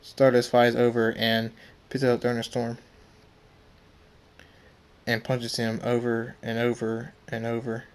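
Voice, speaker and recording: A man reading a fan story aloud in a halting way, often restarting words. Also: medium pitch, completely flat delivery, clean tone.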